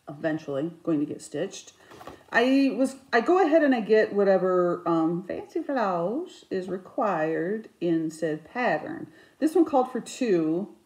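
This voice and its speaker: Chatty woman crafter in an echoey room. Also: lowish voice. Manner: chatty, rambling, animated with sudden outbursts. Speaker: cross stitch vlogger. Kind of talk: casual chat.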